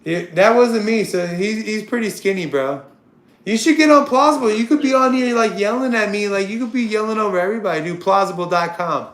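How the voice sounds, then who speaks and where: Man, thirties, high voice, crude trash talk, loud and repetitive, livestream host, roomy echo. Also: a little fast. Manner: crude, confrontational, trash-talking a chatter; loud and excitable, repeats himself. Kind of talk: unscripted livestream rant.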